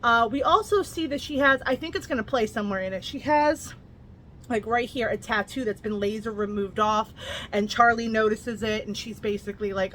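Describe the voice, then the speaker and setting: Blunt, bright-voiced woman reviewing books. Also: a little high, moderate pace, slight background noise. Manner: candid and blunt, with casual swearing; lively plot retelling, slipping into quoted lines. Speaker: book reviewer. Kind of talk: casual book review vlog.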